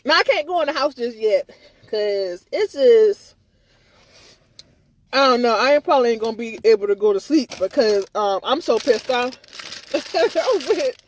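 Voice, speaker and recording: Woman, live-stream rant, rambling and repetitive, swearing, high voice, dry sound. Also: lively intonation, measured pace, long pauses, no room sound. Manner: agitated, rambling, repeats herself; swears freely, stammers on restarts. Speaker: livestreamer.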